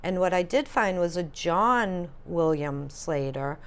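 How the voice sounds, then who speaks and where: A woman co-hosting a casual paranormal chat, telling stories in a chatty, animated way. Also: lowish voice, takes it slowly, clean tone. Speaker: paranormal podcast co-host.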